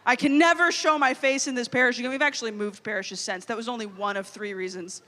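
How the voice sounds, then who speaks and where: Woman, high bright voice, comic storytelling, long hall echo. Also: fast. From Louisiana. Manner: animated, comic storytelling with quoted inner voices. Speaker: youth conference speaker. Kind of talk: storytelling keynote talk. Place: large hall.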